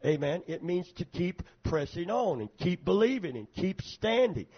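High-voiced husky preacher calling for amens. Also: male voice, sing-song, normal speed. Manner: preaching with frequent calls for amen; swings from quiet asides to loud fervent prayer. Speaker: pastor. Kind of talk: sermon. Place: church. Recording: dull lo-fi sermon tape.

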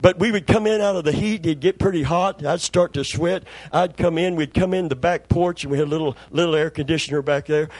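A man's voice: fairly high pitch, fairly quick, hardly any pauses, a little mellow, no room sound. A middle-aged man preaching a sermon in a folksy, conversational storytelling way, repeating words for emphasis. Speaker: pastor.

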